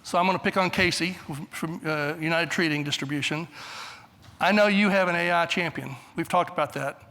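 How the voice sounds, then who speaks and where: A man's voice: fairly high pitch, a little fast, pushed and bright, big-room sound. A man in his sixties giving a conference presentation, blunt, straightforward and brief in manner. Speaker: conference speaker. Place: large conference hall.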